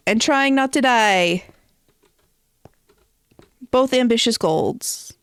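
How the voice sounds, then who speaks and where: A woman's voice: on the high side, animated, slow pace, long pauses, smooth, no echo. A woman streamer chatting casually while playing, thinking aloud with hesitant ums. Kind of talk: casual gameplay stream chat.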